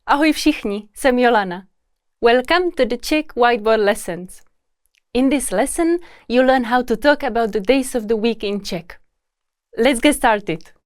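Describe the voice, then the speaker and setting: A woman language teacher who speaks slowly and carefully, saying each word twice in a lesson drill. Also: fairly high pitch, no room sound, clean studio sound.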